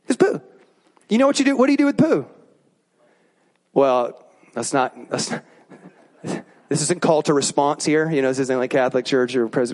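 A male pastor giving a sermon in an animated, joking way, prompting the congregation to repeat words back. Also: medium pitch.

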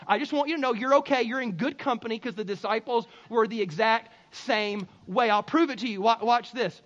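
A man with a very high voice preaches a sermon. He talks to the congregation like a friend and then breaks into loud, emphatic bursts. The recording sounds a little muffled and lo-fi. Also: fairly quick. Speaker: pastor.

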